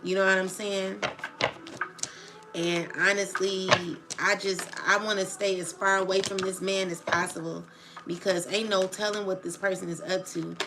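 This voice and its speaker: A woman's voice: mid-range voice, level tone, moderate pace. A woman streaming live, ranting in agitated, profane casual slang and often asking "you know what I'm saying". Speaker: tarot channel livestreamer. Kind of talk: emotional livestream rant. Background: background music.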